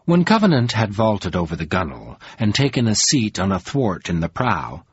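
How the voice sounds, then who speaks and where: A man narrating an audiobook in a measured, deliberate reading. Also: lowish voice, big pitch swings, husky, dry recording. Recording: dull, lo-fi sound.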